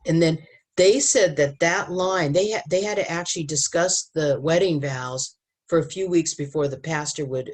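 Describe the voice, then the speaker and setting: Emphatic storytelling woman. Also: low voice. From United States. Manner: storytelling, quoting people in voices, emphatic. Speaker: speaker on marriage and family. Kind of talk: lively talk to an audience.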